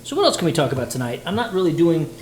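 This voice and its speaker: A playful, chatty man talks to his stream viewers while he cooks at home. His voice bounces around a roomy kitchen, and a sizzling pan is clearly heard behind him. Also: a little high, very animated, rapid-fire, a little mellow, slight background noise. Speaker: livestreamer cooking dinner. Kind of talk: casual livestream chat while cooking.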